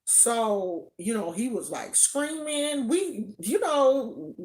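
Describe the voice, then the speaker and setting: A woman from California telling a personal story in a casual, animated way, often laughing. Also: a little high, takes it slowly. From Oakland, California. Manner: animated, laughs often, acts out quoted voices.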